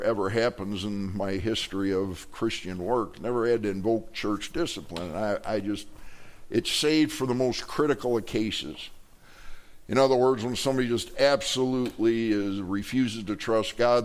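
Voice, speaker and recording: A male pastor preaching from the pulpit in a middle-pitched voice. He talks in a loose, conversational way, stumbling over his words and restarting them. He slips jokes to the congregation between points. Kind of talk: sermon. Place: church sanctuary.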